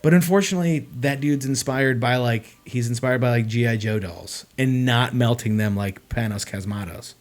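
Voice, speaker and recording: Rambling, excitable young man streaming. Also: medium pitch, normal speed, hardly any pauses. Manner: rambling, excitable, lots of "like" and "dude". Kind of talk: casual livestream chat.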